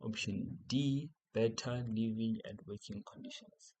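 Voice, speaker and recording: South african guy teaching exam revision, says things over and over, warm low-key tone. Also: unhurried, gravelly, rough recording. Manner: repeats key points, asks and answers his own questions.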